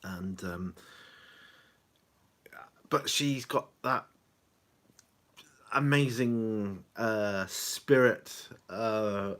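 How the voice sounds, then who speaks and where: Middle-aged man, unhurried, slightly low voice, rambling home vlog chat with chuckles. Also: a bit bright. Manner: rambling, chuckling, loses his thread. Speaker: vlogger. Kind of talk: casual chat to camera. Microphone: camera on a small tripod.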